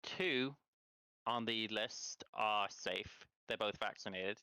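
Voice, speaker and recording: A man's voice: fairly low pitch, slow, pushed and bright, clear, resonant tone, no echo, low-quality recording. A man chatting casually and thinking aloud about strategy during a board game stream. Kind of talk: casual chat.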